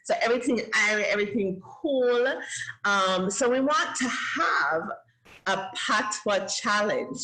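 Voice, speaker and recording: A woman's voice: medium pitch, animated, unhurried, bright, forceful tone, rough recording. Upbeat woman co-hosting a live chat. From Jamaica. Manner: upbeat, laughs often. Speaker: co-host. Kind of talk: casual live-stream chat.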